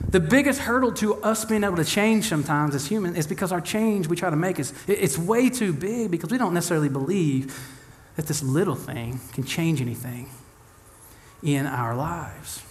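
A young adult man preaching a sermon in an animated, humorous way, acting out the voices of the people he quotes. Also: on the high side, normal speed. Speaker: pastor.

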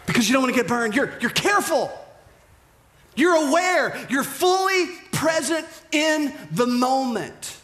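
A man preaching a sermon as pastor, animated, dropping to hushed whispers and rising to shouted emphasis. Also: very high voice, normal speed, pauses often, roomy sound.

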